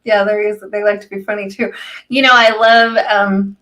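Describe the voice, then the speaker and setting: A woman's voice: medium pitch, little pitch movement, moderate pace, dull audio. A woman healer in casual live chat, telling stories, laughing often and acting out what others said. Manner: warm storytelling, laughs often, acts out quoted people. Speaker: healer, co-host.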